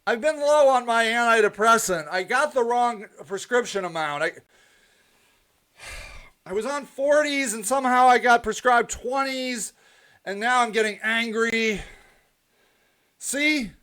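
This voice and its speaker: A man hosting his own live stream, delivering a heated, repetitive monologue that drifts into soft rambling. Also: very high-pitched, takes it slowly, long pauses. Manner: preachy, repetitive, ranting then softly rambling. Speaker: host of a live stream show.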